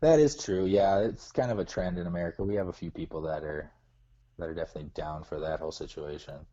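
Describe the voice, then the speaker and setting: A man with a Minnesotan accent calling into a live show, laid-back and quick to laugh in casual chat. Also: low-pitched, mellow. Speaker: caller. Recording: dull phone-call audio.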